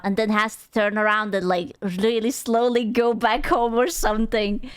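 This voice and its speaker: A young adult woman streamer giving casual reaction commentary, animated and exclaiming with quick asides. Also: fairly high pitch, clean tone, no room sound. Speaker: VTuber streamer.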